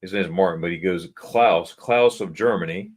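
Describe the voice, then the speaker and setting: An American man hosting a casual livestream chat, reading viewer comments aloud and slowly sounding out German words. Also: low voice. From United States. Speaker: livestream host. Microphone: computer mic for a livestream.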